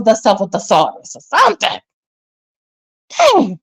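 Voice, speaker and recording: A woman hosting a casual gossip vlog, animated and sassy as she talks straight to her viewers. Her voice sits on the higher side for a woman and often leaps even higher. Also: moderate pace, slightly rough. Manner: animated, sassy, mimics others, jumps pitch often. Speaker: commentary channel host.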